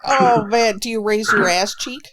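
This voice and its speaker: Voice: mid-range voice, moderate pace, a crowd in the background. A podcast co-host in casual banter, chatting loosely and using plenty of fillers.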